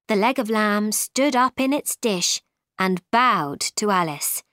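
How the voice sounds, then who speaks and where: A woman reading a storybook aloud in a clear, expressive manner. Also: medium pitch, a little slow, no echo, clean studio sound.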